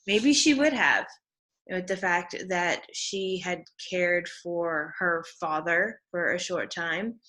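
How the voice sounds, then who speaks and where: A woman's voice: fairly low pitch, fairly bright tone. Chatty woman teaching literature. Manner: chatty, with many fillers. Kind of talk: casual classroom lecture.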